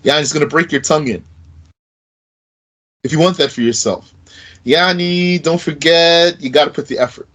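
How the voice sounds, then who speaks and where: A man teaching an Arabic grammar lesson in a casual way, slowly repeating verb forms aloud with fillers like "you know". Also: a little high, fairly bright tone, poor audio. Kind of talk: recorded lesson.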